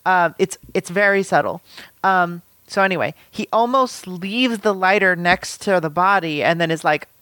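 A woman with a fairly low voice talks through a film's plot in a casual chat. She keeps slipping into short acted-out quotes from the characters. Her voice sounds dry and close, with no room around it. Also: normal speed, a bit bright, no echo. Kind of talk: casual film discussion.

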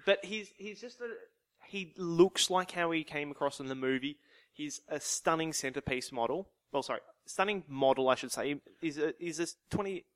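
A man's voice: a little high, normal speed. A man guesting on a casual hobby podcast, talking with enthusiasm and cracking jokes. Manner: enthusiastic, joking. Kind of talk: casual chat.

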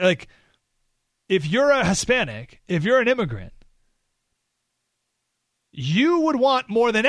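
A man hosting a talk radio show, delivering an animated political monologue and often repeating or restarting words. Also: high-pitched, dry recording, clean studio sound.

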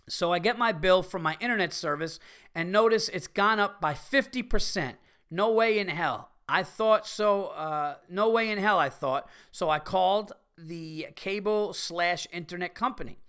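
A middle-aged man hosting a podcast, telling a profane, animated story with bursts of exasperation. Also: high voice, a little slow, clean tone. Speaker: podcast host. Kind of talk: casual comedic storytelling rant.

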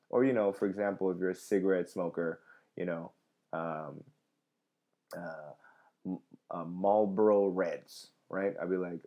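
A man's voice: low-pitched, fairly even intonation, moderate pace, muffled recording. A man in his thirties, a comedian hosting a live podcast, chatting casually with viewers, rambling with lots of fillers and restarts. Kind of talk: casual live chat reading viewer comments.

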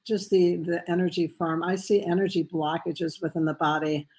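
A woman's voice: on the low side, steady tone, moderate pace, a little mellow, rough recording. A woman answering interview questions as a guest, hesitant and filler-heavy. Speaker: guest, medical intuitive.

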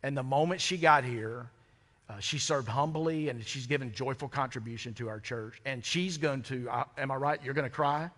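A man's voice: mid-range voice, normal speed, fairly bright tone. A man pastor giving a sermon in a conversational, humorous way, with rhetorical questions to the congregation, on a microphone in a church. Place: church sanctuary. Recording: long hall reverb.

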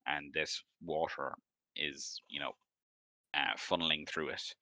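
Man GM, deep and bright, loose rambling narration, dry mic. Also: little pitch movement, measured pace, no echo. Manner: rambling, filler-heavy description. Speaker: game master. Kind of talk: narrating a tabletop game.

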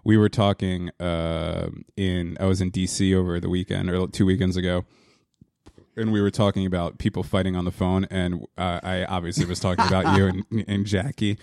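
He's a man in his thirties from New Jersey with a deep, level, slightly mellow voice marked by vocal fry. As a podcast co-host, he rambles casually, restarting, halting, and laughing often. The podcast mic in his parents' small home music studio captures no echo.

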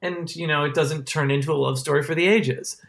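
A podcast co-host in casual chat, rambling and excitable, with many restarts. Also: medium pitch, brisk, gravelly.

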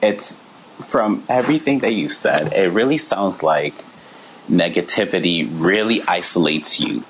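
A man's voice: low voice, lively intonation, unhurried, a little hiss or hum, poor audio. A man co-hosting a radio talk show, agreeing and restating what his co-host said in a supportive way. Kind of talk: casual talk radio chat. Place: radio studio.

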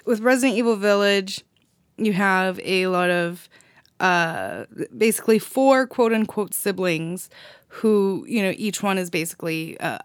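A woman's voice: mid-range voice, unhurried, smooth, no echo. Woman podcast co-host, casual and enthusiastic, dry close-miked sound. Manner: rambling, enthusiastic, laughs often. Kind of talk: casual chat.

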